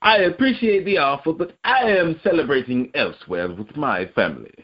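A man's voice: fairly high pitch, lively intonation, moderate pace, slightly rough, voice pushed up. A prim, overly polite Englishman with an English accent declines an invitation in a raised, lifted tone, as a man puts him on. The English accent is dainty and mock-refined. The audio is dull and lo-fi.

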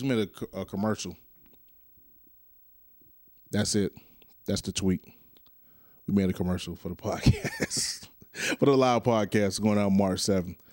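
Man, young adult, podcast host, rambling and jokey, fairly low voice, dead dry sound. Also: dark tone, no room sound. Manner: loose, rambling, joking to himself and listeners. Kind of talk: casual solo podcast monologue.

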